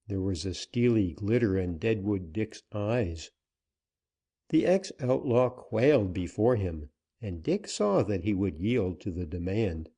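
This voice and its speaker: A man reading a western novel aloud as an audiobook narrator, in a steady, unhurried way. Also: on the low side, husky.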